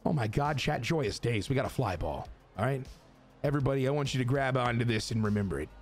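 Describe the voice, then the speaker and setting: A young man casually commentating his baseball video game to chat, excitable and crude, swinging between joking rants and hype. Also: medium pitch, quick pace, faint music behind. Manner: crude, self-mocking humor.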